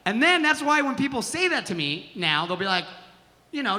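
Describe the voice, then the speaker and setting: A man doing a brash, profane stand-up comedy set on a theater stage, shouting his punchlines. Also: very high voice, big pitch swings, fairly quick. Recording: live theater with reverb and audience noise.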